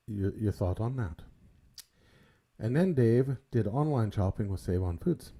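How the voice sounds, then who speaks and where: A man in his sixties from Canada with a big booming voice, co-hosting a casual livestream chat and ranting bluntly with plenty of swearing. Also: dark tone. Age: 60s. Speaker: livestream co-host.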